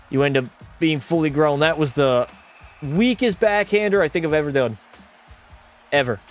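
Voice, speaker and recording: Brief: young male streamer, higher-pitched voice, excitable play-by-play with swearing, music underneath. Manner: excitable, swears, chats with viewers. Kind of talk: live gameplay commentary.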